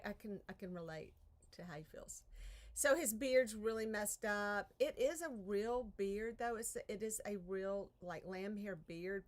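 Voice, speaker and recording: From her home art studio, a craft channel host chats through a casual live stream. Her mid-range voice is a bit bright, and she rambles, cuts herself off and sighs about her troubles.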